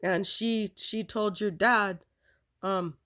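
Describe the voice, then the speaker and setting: A woman recounting a painful personal memory, halting, with many fillers and restarts. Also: medium pitch, steady tone, a bit bright. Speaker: storyteller.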